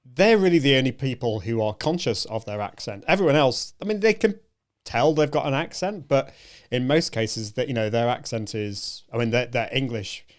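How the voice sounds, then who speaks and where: A man hosting a conversation, encouraging and warm-hearted in tone, often restarting his sentences. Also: medium pitch, moderate pace. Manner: encouraging, hesitant with many restarts. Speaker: show host. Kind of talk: casual conversation.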